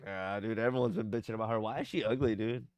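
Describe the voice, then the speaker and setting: A man's voice: on the low side, fairly even intonation, fast talker, a little mellow, dry recording. A young man chatting casually on a podcast, laid-back and rambling, swearing and saying "like" a lot. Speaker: podcast co-host. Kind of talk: casual chat.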